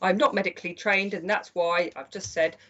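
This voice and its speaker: An older woman giving chatty, gentle psychic card readings on a live stream. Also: on the low side, steady tone, fairly quick. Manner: chatty and gentle, calls people "my lovely". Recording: slightly dull lo-fi stream audio.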